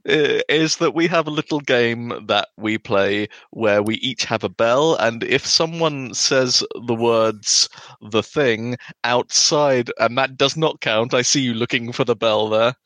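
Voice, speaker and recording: A man co-hosting a podcast, making teasing, deadpan jokes in casual conversation. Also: medium pitch, takes it slowly, dry recording. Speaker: podcast co-host.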